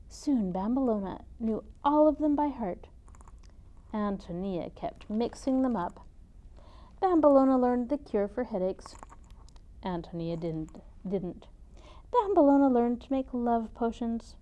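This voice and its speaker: Female storyteller, picture book read-aloud: expressive, high, mellow tone, muffled lo-fi recording. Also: measured pace. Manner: expressive, dramatic storytime delivery.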